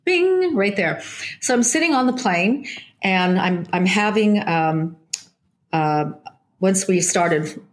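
Woman medium, interview guest, mid-pitched, tells anecdotes in lively bursts with frequent restarts. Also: slow. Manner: animated storytelling with many restarts.

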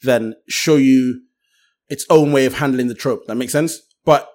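A man co-hosting a casual film podcast, animated, swearing and laughing often. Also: mid-range voice, a little slow. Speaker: podcast co-host.

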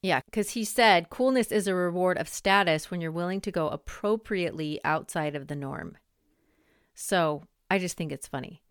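Podcast host, woman, 40s; slightly low, smooth voice, casual rambling delivery, dry close mic. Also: normal speed, dry recording. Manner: chatty, rambling, lots of "like" and "um". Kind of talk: casual monologue.

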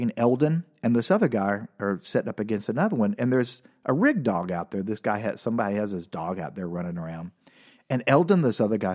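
A man's voice: fairly low pitch, a little mellow. A man casually telling a personal story, rambling and correcting himself with a wry, dry humor.

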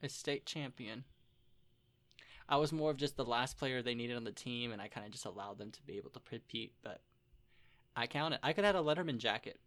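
A young man co-hosting a podcast, talking in a chatty, rambling way with bursts of loud joking. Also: mid-range voice, fairly quick. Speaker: podcast co-host. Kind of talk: casual chat.

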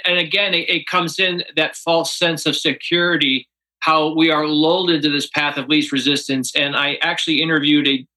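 Bright, high-voiced man telling a story. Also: rough recording. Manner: animated, acts out quoted dialogue. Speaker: author and guest. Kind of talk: interview storytelling.

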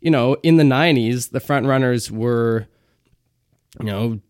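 A man's voice: medium pitch, measured pace, a little mellow, no echo, studio quality. A man co-hosting a podcast, talking in a casual, rambling way with many fillers and restarts. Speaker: podcast co-host. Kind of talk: casual chat. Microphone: close podcast mic.

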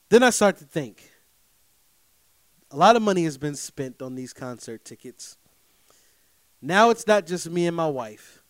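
A man shares a personal story with his listeners, casual and animated, speaking at normal speed with long pauses. He's emphatic, repeatedly checks in with his audience, and shifts from loud outbursts to low asides. The recording is dry.

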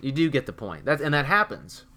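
A man's voice: medium pitch, very animated, brisk, sharp tone. A young man co-hosting a podcast, rambling in casual chat with lots of fillers. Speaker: podcast co-host.

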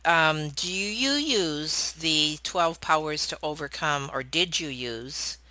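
A woman hosting an interview, asking questions and giving quick short reactions. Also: low voice, sharp tone, dry recording.

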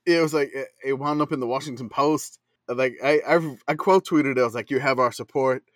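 A man's voice: medium pitch, brisk, dry recording. A man co-hosting a casual sports podcast, talking in a rambling way full of fillers and laughs. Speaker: podcast co-host. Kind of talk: casual chat.

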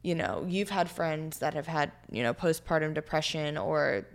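A young woman in her twenties with a notably low voice talks through a story in a relaxed interview. She is earnest and heartfelt, and her speech is loose and full of "like" and "you know.". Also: normal speed, creaky. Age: 20s. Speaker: podcast guest.

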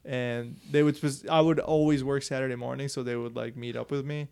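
A man's voice: medium pitch, steady tone, brisk, vocal fry, darkish tone, clean tone. A young man telling a story on a podcast in a loose, profane way, laughing often. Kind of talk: casual storytelling chat.

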